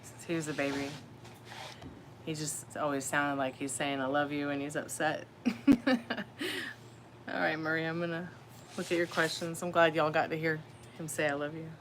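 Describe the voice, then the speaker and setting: A woman's voice: low voice, flat delivery, moderate pace, pauses often. A woman doing a live tarot reading, chatting casually and calling her viewers dear. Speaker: tarot reader. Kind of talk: casual live-stream chat. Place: at home. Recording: noisy home live stream.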